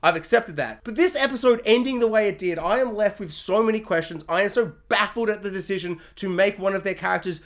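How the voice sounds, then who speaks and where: A woman's voice: medium pitch, quick pace, few pauses. Exasperated woman ranting in a review. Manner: exasperated, sarcastic, acts out mocking voices. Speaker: TV review vlogger. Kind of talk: casual spoiler-review rant.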